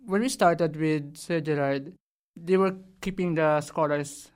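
A woman's voice: sits low, fairly even intonation, measured pace, a little mellow. A young woman from the Philippines, an orchestra scholar answering interview questions earnestly and laughing often. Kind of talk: interview conversation.

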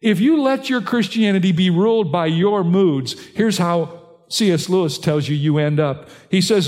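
Older male pastor, earnest sermon delivery, a touch high-pitched, recorded in a big echoing sanctuary. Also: moderate pace, a little mellow. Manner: earnest preaching, rising in pitch and force when stressing points.

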